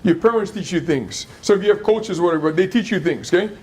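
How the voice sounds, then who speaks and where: A man's voice: high-pitched, fast talker, a little mellow. A middle-aged man, giving a storytelling talk to schoolchildren, interactive, asking the audience questions and repeating phrases. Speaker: motivational speaker at a school.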